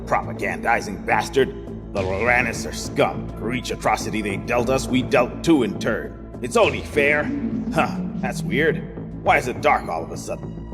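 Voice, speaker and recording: A man voicing a scornful alien father who sneers at humans, in an animated short. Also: medium pitch, moderate pace, long reverb tail, loud music behind the voice, close to an everyday voice. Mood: disgusted. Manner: sneering, contemptuous.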